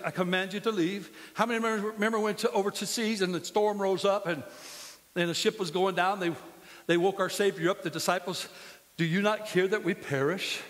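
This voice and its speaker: A man's voice: high-pitched, fairly bright tone, long reverb tail. A man preaching a sermon as pastor, impassioned and full of storytelling, in a church sanctuary.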